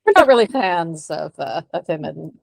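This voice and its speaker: A woman's voice: on the low side, animated, moderate pace, creaky, no echo. A woman co-hosting a casual podcast, tossing in wry, joking asides. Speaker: podcast co-host. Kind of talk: casual chat.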